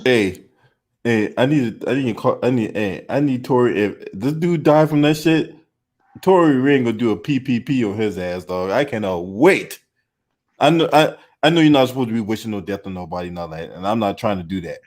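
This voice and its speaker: Guy hosting a chat show, cussing a lot, fired up and blunt, normal pitch. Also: moderate pace, darkish tone. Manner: blunt, profane, indignant. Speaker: host. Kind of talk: casual commentary chat.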